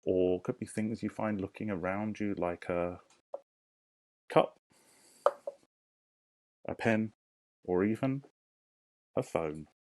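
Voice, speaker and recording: A man teaching a recorded lesson to young children, speaking slowly and encouragingly and sounding words out clearly. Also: on the low side, darkish tone. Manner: invites children to say words along with him. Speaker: primary school teacher.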